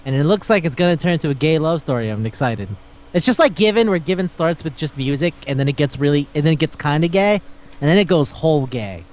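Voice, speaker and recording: A man's voice: fairly high pitch, lively intonation, fast, dull audio. A man hosting a podcast in casual chat, retelling stories animatedly and acting out the characters' lines. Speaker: podcast host.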